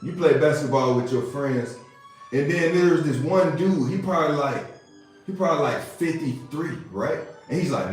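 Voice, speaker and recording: A man's voice: on the high side, animated, moderate pace. A man hosting a podcast, giving a casual motivational monologue, repeating himself and asking if listeners see what he means. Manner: casual, preachy, repeats phrases, asks "you see what I'm saying". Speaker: podcast host. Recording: roomy echo with faint music.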